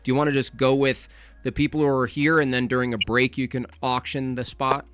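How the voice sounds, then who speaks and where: Bright-voiced man making blunt suggestions. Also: mid-range voice, little pitch movement, fairly quick, clear, resonant tone. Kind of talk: casual livestream chat.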